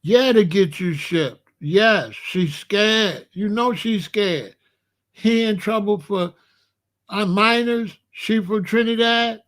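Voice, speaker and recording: A man's voice: sits high, takes it slowly, fairly bright tone. A man from Chicago hosting a blunt, profane commentary rant. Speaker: host.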